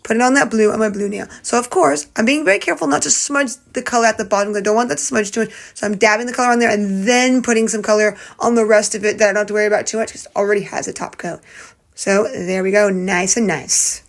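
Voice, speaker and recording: A woman's voice: mid-range voice, fast talker, creaky, low-quality recording. A woman chatting casually as she does her nail art, rambling and correcting herself while she works. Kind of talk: casual tutorial narration.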